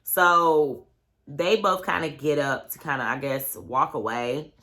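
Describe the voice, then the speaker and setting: Low-voiced, bright woman gossiping casually. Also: unhurried. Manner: loose, chatty, packed with "like" and "you know what I'm saying". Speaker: vlogger recapping a reality show. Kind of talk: casual storytelling recap.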